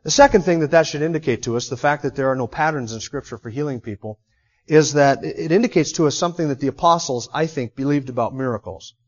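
A man preaching a sermon, animated, rising into emphatic bursts and then dropping low. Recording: dull lo-fi recording.

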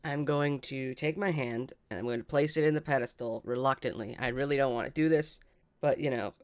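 A man's voice: medium pitch, fairly quick, clear, resonant tone. A man playing a tabletop game, talking casually and a little hesitantly, with some swearing. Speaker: player.

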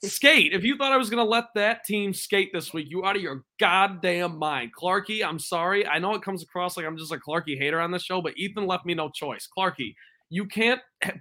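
A young man with a bright, forceful voice sitting a little high for a man. He co-hosts a casual sports podcast and talks emphatically, ribbing his friends and laying on the trash talk. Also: expressive. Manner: emphatic, trash-talking, quick to joke. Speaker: podcast co-host. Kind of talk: casual fantasy football chat.

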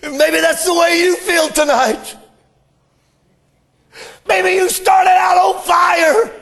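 A man preaching a sermon with fervent delivery that swells into shouts. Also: very high-pitched, flat delivery, takes it slowly, gravelly, pauses often.

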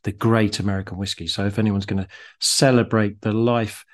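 A man, co-hosting a casual chat and explaining things in a steady way with some fillers. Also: fairly low pitch, a little fast. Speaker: co-host.

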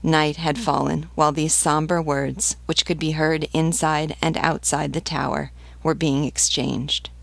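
Woman, novel narration, slow pace, gravelly voice, dry close sound. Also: low voice, level tone, no echo. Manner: measured, deliberate reading. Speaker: literature teacher reading aloud.

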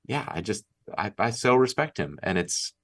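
A man from Massachusetts speaks as a podcast guest in a somewhat low voice. He talks in an earnest, reflective way and laughs easily. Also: lively intonation, moderate pace. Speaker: guest author. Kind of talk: casual interview talk.

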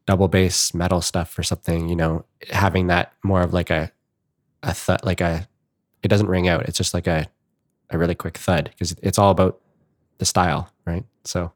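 Speaking at a normal pace in a deep, level voice, this podcast co-host rambles through casual conversation, full of filler words and false starts. The sound is dry and studio-clean.

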